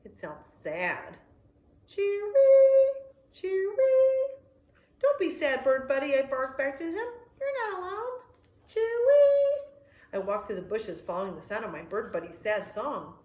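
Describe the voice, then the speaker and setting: A woman voicing a friendly young male dog, anxious but kind, in a lively storybook reading with sound effects. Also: high voice, measured pace, reverberant, full character voice. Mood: eager.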